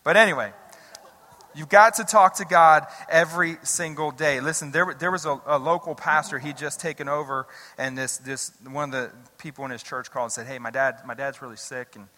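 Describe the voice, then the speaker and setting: A man's voice: on the high side, fairly quick, long reverb tail. A middle-aged man preaching a sermon as a pastor, telling stories in a loose, conversational way with lots of restarts. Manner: conversational, animated storytelling with repeated restarts.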